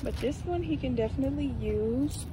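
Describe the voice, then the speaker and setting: A young woman chatting excitedly and rambling in a casual vlog, recorded on a phone inside a car. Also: sits high, normal speed. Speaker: vlogger. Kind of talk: casual vlog chat to camera. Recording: distant phone audio with loud road noise.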